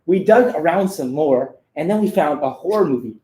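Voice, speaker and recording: A man giving a deadpan, mock-serious reading of a children's book on a live stream, breaking off for crude asides. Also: a little high, moderate pace, roomy sound.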